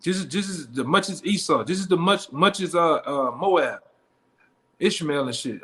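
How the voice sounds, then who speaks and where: A man's voice: fairly high pitch, lively intonation, moderate pace, a bit bright. A man leading a Bible study in blunt, profane street talk, tagging his lines with "man" and "all right?". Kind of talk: street-style scripture teaching.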